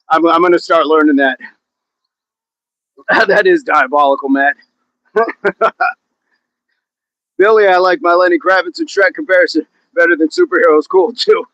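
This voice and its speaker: Slow-talking jokey man counting reps. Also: high voice, a bit bright, no room sound, dull audio. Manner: jokey, laughs often, counts reps aloud. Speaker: fitness livestream host. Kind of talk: live workout stream, counting reps and reading chat. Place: outdoors.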